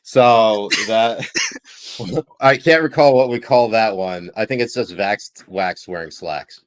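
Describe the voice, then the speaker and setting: A man's voice: fairly low pitch, slow, clean tone. A man co-hosting a live stream, joking wryly and reading viewer comments aloud in casual chat. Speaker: stream co-host.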